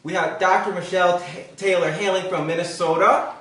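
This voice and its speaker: A man's voice: high-pitched, steady tone, a little fast, noisy background. A man hosting a casual cooking talk show from his home kitchen, upbeat and chatty with lots of fillers. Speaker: host. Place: home kitchen with live audience. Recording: echoey room, mic far off.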